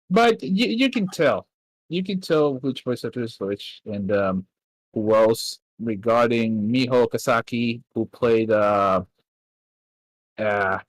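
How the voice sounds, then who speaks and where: A man with a mid-pitched voice talks on a casual podcast. He explains points in an informative way. His sound is dry and close. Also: slow pace, no echo, poor audio.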